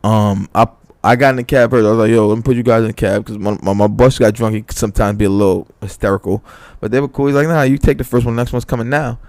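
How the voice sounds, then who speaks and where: Speaking fast with few pauses, a young podcast co-host tells a story in a lowish voice, and there's no room sound. The chat is casual and animated, full of swearing, with quoted lines acted out in a raised voice.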